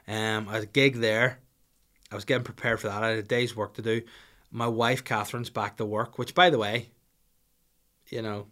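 A man in his thirties telling a stand-up story, swearing freely and wandering into asides. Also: medium pitch. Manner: profane, rambling asides, animated. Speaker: stand-up comedian.

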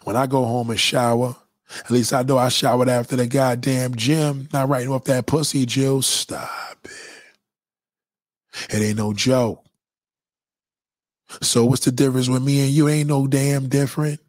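A man streaming a casual, profane monologue, preachy and animated as he lectures his viewers. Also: medium pitch, normal speed, no echo, studio quality. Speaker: live streamer.

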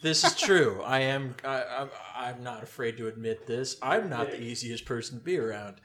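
A man's voice: mid-range voice, expressive, normal speed, a bit bright. A man in casual podcast chat, crude and self-deprecating, stumbling over his words. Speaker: podcast co-host.

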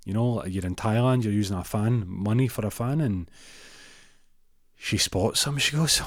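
Low rambly guy making up a funny story, stumbles over words a lot. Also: normal speed, dry recording, studio quality. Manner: rambling, repeats words, lots of fillers. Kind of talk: improvised comic storytelling.

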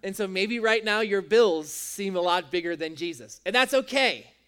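A man's voice: high-pitched, animated, moderate pace, sharp tone, clear, resonant tone. A man preaching a sermon as a pastor, with an emphatic, repetitive cadence.

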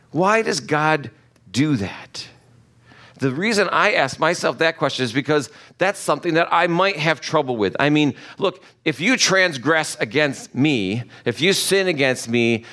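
A man's voice: fairly high pitch, expressive, a little slow, pushed and bright. A middle-aged man, a pastor, giving a conversational sermon and acting out quoted voices.

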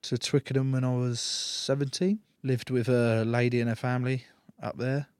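A man's voice: mid-range voice, steady tone, normal speed, a little mellow, clear, resonant tone, no echo. Dry, easygoing English man chatting. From England. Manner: laid-back, swearing, joking storyteller. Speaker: interview guest. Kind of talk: casual interview chat.

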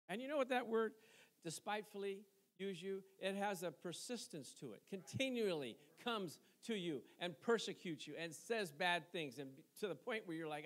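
A middle-aged man with a notably high voice preaches a sermon in an easy, conversational way. He keeps asking the congregation questions, waits for them to answer, and chuckles between his points. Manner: conversational preaching with call-and-response asides and chuckles. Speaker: pastor.

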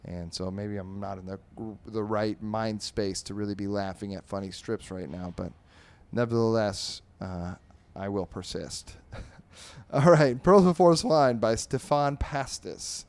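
A man with a lowish, unhurried voice hosts a comedy podcast. He reads newspaper comic strips aloud and reviews them in a wry, rambling way, full of fillers and restarts.

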